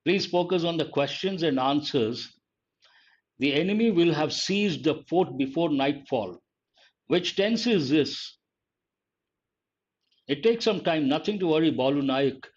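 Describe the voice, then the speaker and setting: Slow, deliberate male grammar teacher. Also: a little high, expressive, muffled recording. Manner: slow, deliberate, repeats key phrases, quizzes viewers. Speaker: English teacher. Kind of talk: live online grammar lesson.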